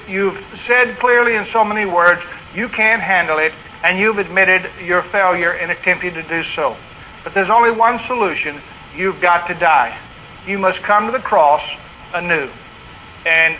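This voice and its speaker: A man's voice: high voice, bright, forceful tone. A man preaching a sermon in an earnest manner, building to emphatic repetition. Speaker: pastor. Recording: dull lo-fi recording with faint noise.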